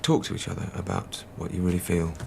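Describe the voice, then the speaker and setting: A deep, gravelly GP. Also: male voice, monotone, slight background noise. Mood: calm. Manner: measured, probing. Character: calm GP hearing out a patient. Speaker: doctor.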